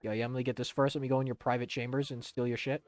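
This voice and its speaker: A man's voice: medium pitch, little pitch movement, racing, a little mellow, soft background music. A man streaming a video game, giving loose, rambling commentary with some swearing.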